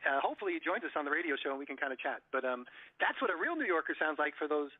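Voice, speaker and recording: A man's voice: on the high side, expressive, rapid-fire. A man with a slightly raised voice stammers and giggles through casual radio chat. He comes through a tinny, phone-like line. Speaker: radio show host.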